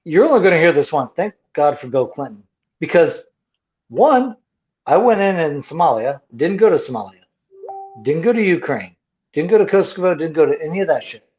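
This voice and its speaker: A man in his forties, a Marine veteran, telling profane, lively service stories in casual bar-room chat. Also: fairly high pitch, brisk. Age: 40s. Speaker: podcast host, Marine veteran. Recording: lo-fi muffled audio.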